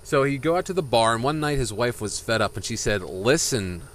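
A man's voice: medium pitch, lively intonation, fast talker, a bit bright. A man co-hosting a casual podcast, telling a long joke animatedly and slipping into voices for its characters. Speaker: podcast co-host.

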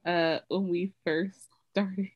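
Woman co-host, low voice, dry close mic, candid and rambling. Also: flat delivery, takes it slowly, no echo, highs cut off. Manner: candid, rambling storytelling with many fillers. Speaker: podcast co-host. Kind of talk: casual chat.

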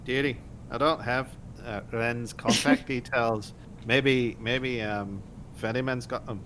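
A man voicing a fussy woman character who calls people dearie, in a tabletop game. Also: slow. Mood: flustered. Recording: steady rumble in background.

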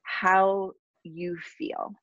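A woman's voice: medium pitch, level tone, extremely slow, fairly bright tone, no room sound, highs cut off. A woman business coach talking earnestly in an interview, tired after little sleep, with many ums and likes. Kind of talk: casual interview conversation.

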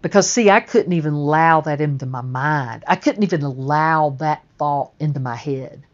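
Low-voiced woman telling a blunt story. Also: moderate pace, highs cut off. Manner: blunt and profane, emphatic. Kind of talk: first-person spoken storytelling.

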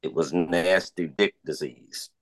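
Woman putting on a deep snide drawl. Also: no echo, exaggerated voice. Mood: mocking. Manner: slow, drawling, crude. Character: deep mocking gossip voice, snide.

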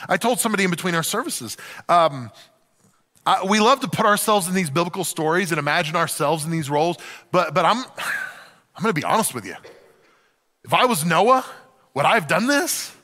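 A middle-aged male pastor preaches in a relaxed, joking, candid way. His voice sits fairly high and rings bright. A long church reverb trails behind every phrase. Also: normal speed. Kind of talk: sermon.

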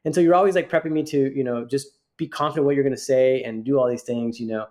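A man's voice: medium pitch, fairly even intonation, fast talker, darkish tone. A man co-hosting a podcast, telling a rambling story in casual chat with many restarts. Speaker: podcast co-host.

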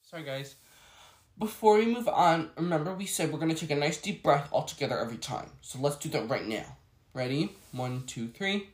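A man's voice: a little high, lively intonation, brisk. A man with a stuffy, cold-clogged voice, telling a work story in a chatty, exasperated vlog ramble. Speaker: vlogger. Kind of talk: casual storytelling chat. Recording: echoey room.

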